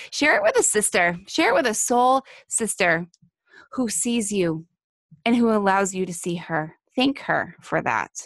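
A woman talks straight into the mic on her own podcast, earnest and emphatic, circling back to repeat her key words. Her voice has a gravelly fry to it, and the sound is close and dry with no room around it. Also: mid-range voice, fairly bright tone, dry recording. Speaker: podcast host. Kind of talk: heartfelt solo podcast monologue.

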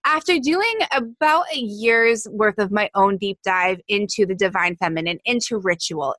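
A woman hosts a podcast, gushing over her guest with effusive excitement. Her voice is bright and a little high. The sound is dry and close. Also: no room sound. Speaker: podcast host. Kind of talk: casual interview chat.

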